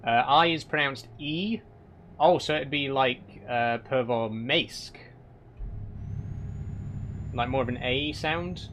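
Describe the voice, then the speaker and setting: A young man answers his live chat in a dry, rambling way, and often feigns exasperation. His voice sits at an everyday middle pitch. Faint game engine noise hums behind him. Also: measured pace, a bit bright. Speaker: streamer reading live chat. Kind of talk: casual live-stream chat while driving a truck game.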